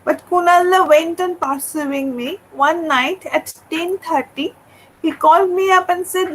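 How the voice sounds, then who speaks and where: High-voiced woman reading her memoir. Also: a little slow, a bit bright, a little hiss or hum, rough recording. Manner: earnest, with frequent hesitations and restarts. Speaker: poet. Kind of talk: reading a personal memoir aloud in a webinar. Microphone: video call.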